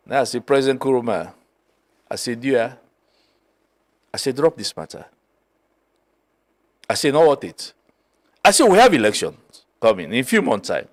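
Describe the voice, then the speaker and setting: A middle-aged man from Sierra Leone with a Krio accent, a political guest telling a story in an animated way, mixing Krio and English. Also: mid-range voice, moderate pace, long pauses. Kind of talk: political talk show discussion.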